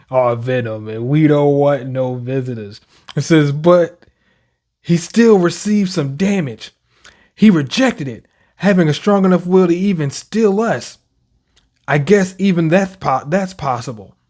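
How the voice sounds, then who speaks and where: Brief: young adult man, manga reaction commentator, animated slangy delivery, slightly high-pitched. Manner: animated, reads panels aloud with slang and laughs.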